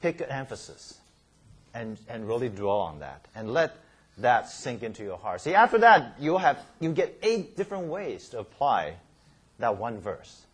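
Teaching a Bible study, this man speaks at a normal pace and is highly animated, with a pitch that swings up and down through every step. There's a slight huskiness to him, and he stumbles and starts words over while checking on the class. Key words get repeated, punctuated by frequent "okay?" and "right?"

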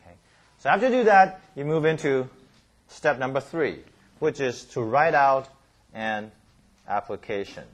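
A man's voice: mid-range voice, lively intonation, measured pace, pauses often. A man teaching a Bible study class, repeating key words, checking in with "okay?" and "right?", and often restarting his words.

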